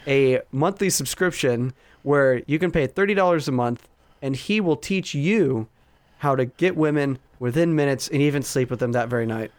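A man's voice: medium pitch, normal speed. A young man co-hosting a casual chat, rambling through stories with plenty of fillers and restarts. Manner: rambling, frequent fillers and restarts, animated storytelling. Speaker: podcast co-host.

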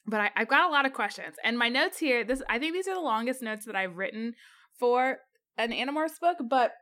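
Woman co-host, high-ish voice, bubbly and playful, casual podcast banter. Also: animated, brisk, bright, forceful tone. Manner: bubbly and playful, laughs often. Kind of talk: casual chat.

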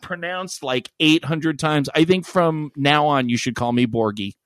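A man trading crude, self-mocking jokes as a podcast co-host. His voice sits a bit high, and the studio around him is dry. He talks in loose, casual banter. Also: a little slow, fairly bright tone, dry recording.

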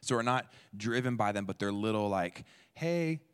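Low-voiced man teaching in a reverberant church. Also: fairly even intonation, fairly quick, smooth. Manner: conversational, quizzes the audience and repeats their answers. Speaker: speaker at a church. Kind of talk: interactive teaching talk. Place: church hall. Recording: long hall reverb.

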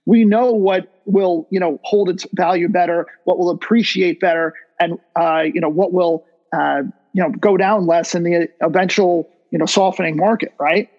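High-voiced male interview host. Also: normal speed, dull audio. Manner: relaxed, many fillers like "you know". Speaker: podcast host. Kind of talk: interview hosting.

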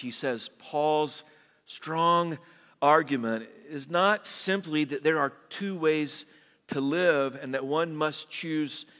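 A man's voice: a little high, a bit bright. A man preaching a sermon as pastor, earnest and exhorting, building in emphasis as he makes his points. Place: church sanctuary. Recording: long hall reverb.

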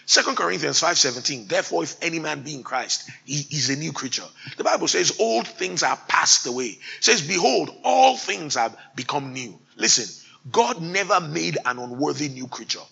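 Man, sermon, gravelly husky voice, animated pitch, emphatic preaching. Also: normal speed, low-quality recording. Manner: rising to loud emphatic exhortation, mimics timid believers.

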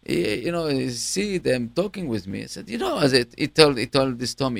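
Man, lively pitch, halting repeats, casual talk. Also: gravelly, no echo. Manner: halting, repeats words, grows animated telling stories. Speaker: host. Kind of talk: casual chat.

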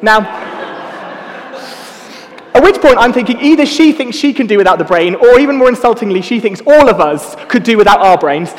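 A man's voice: sits high, expressive, normal speed, long pauses, long reverb tail. A young man giving a casual, self-mocking sermon full of personal stories. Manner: self-mocking, chatty storytelling. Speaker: preacher.

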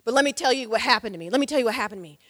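A woman's voice: on the high side, expressive, very fast, a bit bright, no room sound, studio quality, in a large hall. A woman voicing a desperate young man with a felony record, insistent and repeating himself. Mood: pleading.

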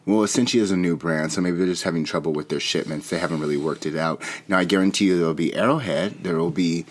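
A man co-hosting a talk show, answering in a calm, matter-of-fact way. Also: low-pitched, fast. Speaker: co-host. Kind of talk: casual banter.

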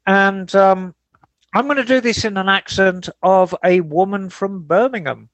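A man hosting a casual podcast chat, relaxed and rambling, who answers listener emails. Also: high voice, a little slow, no room sound, dull audio. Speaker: podcast host.

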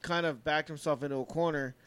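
Earnest man, fairly high voice. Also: steady tone, a little fast, a bit bright, smooth, no echo. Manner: earnest opinions, restarts, swears when laughing. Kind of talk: casual chat.

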